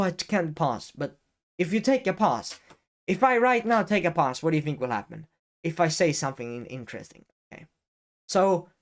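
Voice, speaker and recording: A young man talking casually to camera as a YouTuber, rambling with many fillers and restarts and the odd swear word. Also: a little high. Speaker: YouTuber giving advice. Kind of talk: casual on-camera advice talk.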